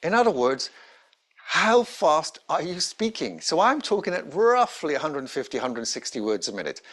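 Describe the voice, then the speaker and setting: A man, a presentation skills trainer giving an instructional talk to camera with emphatic, varied intonation and deliberate pauses. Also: a little high, very animated, fairly bright tone.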